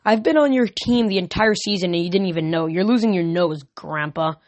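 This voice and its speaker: A man's voice: high voice, lively intonation, unhurried. A man reading aloud and voicing a taunting young male storm spirit villain with a mocking, sneering manner.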